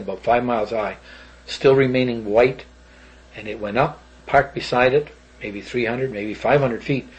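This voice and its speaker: A man's voice: medium pitch, a little mellow, slightly rough, rough recording. An older man, rambling animatedly through an old story as an interviewee.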